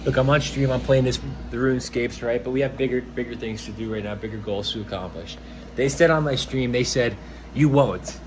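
A man's voice: medium pitch, a little fast, noisy background. A man talking casually to his viewers while walking around his home, rambling and chatty, filmed on a phone. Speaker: vlogger. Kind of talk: casual vlog chat. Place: at home, indoors. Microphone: phone held while walking.

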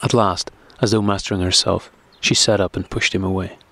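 A man narrating a classic novel audiobook in a steady, measured reading. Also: low voice, no echo.

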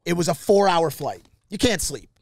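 Brief: male podcast host, higher voice, dry close sound, lively storyteller who swears a lot. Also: normal speed, creaky, no room sound. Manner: animated, swears a lot, acts out quotes. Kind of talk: animated storytelling, casual chat.

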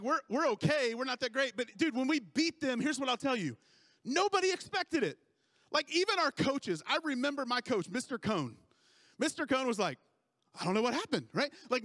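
Pastor, man, 30s, high voice, dry close sound, playful self-mocking storyteller. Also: fairly bright tone, no echo. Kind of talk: sermon.

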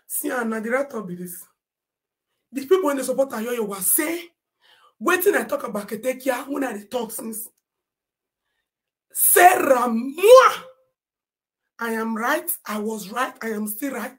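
Shouting Nigerian woman ranting on a live stream. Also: a little high, fairly quick. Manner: animated and indignant, often shouting and reading comments aloud. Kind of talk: Nigerian Pidgin social media rant.

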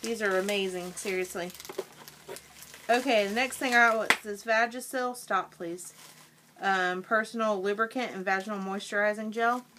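A woman's voice: medium pitch, fairly even intonation, moderate pace, bright, forceful tone, a little hiss or hum. A woman vlogger chatting casually through a product haul at home, talking while she eats.

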